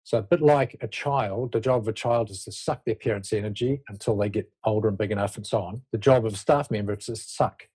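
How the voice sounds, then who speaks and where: A man's voice: lowish voice, brisk, hardly any pauses, a little mellow, breathy edge. A man speaking as a leadership expert guest in an interview, explaining his ideas in a reflective, loose way and often restarting his sentences. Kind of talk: conversational interview talk.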